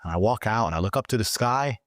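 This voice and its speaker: A man telling a story as an interview guest, swearing constantly and talking with animated, emphatic energy, his voice jumping higher when he gets excited. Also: quick pace, dry recording, studio quality. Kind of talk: profane storytelling in conversation.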